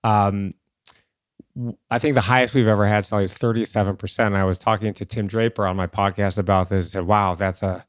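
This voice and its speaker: A man hosting a podcast interview, talking in a relaxed, conversational way. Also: fairly low pitch, brisk, no room sound, clean studio sound. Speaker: podcast host.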